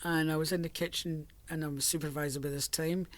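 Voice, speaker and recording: A woman's voice: low voice, fairly even intonation, fast, no room sound. Older Scottish woman telling stories. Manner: chatty storyteller, laughs often. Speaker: interviewee. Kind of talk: reminiscing oral history.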